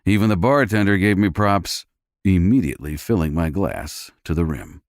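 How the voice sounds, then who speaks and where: A man's voice: sits low, animated, moderate pace, no echo, clean studio sound. A man reading a first-person romance audiobook with a gritty, tough-guy delivery. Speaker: audiobook narrator.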